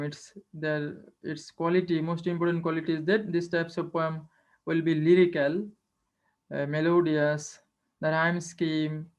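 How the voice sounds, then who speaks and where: A teacher giving an online lecture, explaining step by step and repeating key phrases. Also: medium pitch. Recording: dull lo-fi online class recording.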